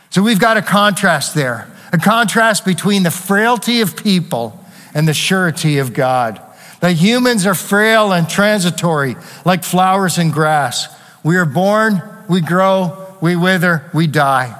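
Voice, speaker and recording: A man's voice: sits high, lively intonation, a little slow, a bit bright. A man preaching a sermon to his church, earnestly asking rhetorical questions and reading scripture aloud. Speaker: pastor. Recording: long hall reverb.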